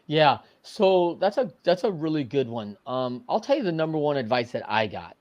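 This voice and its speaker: A middle-aged man telling a story as a podcast guest, animated and casual, often adding "man" and "right". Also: on the high side, moderate pace, no echo, dull audio. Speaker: podcast guest, coach and entrepreneur. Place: podcast studio.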